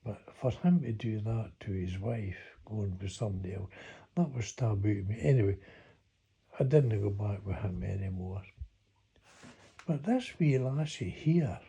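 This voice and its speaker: An older Scottish man spins a rambling, folksy tale from his past, chuckling as he remembers, in a reminiscing monologue. His voice is low-leaning, unhurried, husky and warm, with vocal fry.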